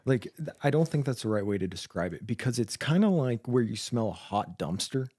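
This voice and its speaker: A man's voice: medium pitch, sing-song, brisk, no echo. Podcast guy telling gross medic stories, cracks himself up, dry sound. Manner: joking, laughs at his own dark humor. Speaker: podcast co-host, emergency medical worker. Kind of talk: casual chat.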